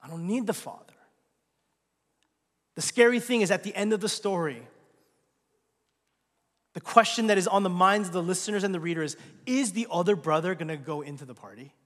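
High-voiced man preaching in a reverberant hall. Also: fairly quick. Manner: swings from loud emphatic lines to hushed, near-whispered asides. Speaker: pastor. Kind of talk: sermon.

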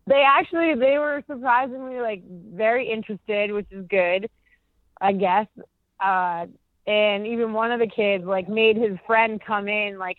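A woman's voice: medium pitch, measured pace, dry recording. A young woman chats through a story on a phone interview, rambling and full of "like"s. Her voice comes over a tinny, narrow phone line with no room sound at all. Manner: chatty, rambling, filler-heavy with many "like"s. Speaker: interview guest.

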